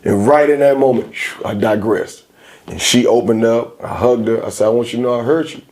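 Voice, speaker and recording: A man's voice: medium pitch, fairly quick. A man in his forties, a guest in a casual interview, telling his stories with emphasis and energy. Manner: emphatic, animated storytelling.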